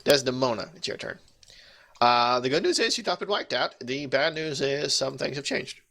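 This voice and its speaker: Gravelly, bright-voiced male game master. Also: medium pitch, normal speed. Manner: joking, rambling with restarts. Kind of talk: running a tabletop game over voice chat.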